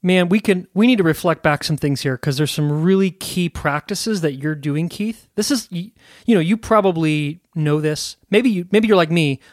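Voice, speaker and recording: A man's voice: on the high side, normal speed, no echo, studio quality. A man hosting a casual discussion, reflecting back and summarizing what a guest says. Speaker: podcast host.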